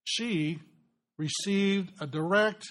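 A man preaching a sermon on a Bible passage, talking earnestly and lifting his voice with excitement when he voices the Bible's figures. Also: high-pitched, slow, a little hiss or hum. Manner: earnest, builds with rising excitement in quoted passages.

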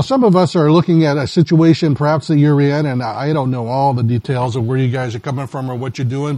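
A man's voice: on the high side, a little mellow, dry recording. A man preaching a sermon in a folksy storytelling way, acting out the voices in a joke. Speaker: pastor.

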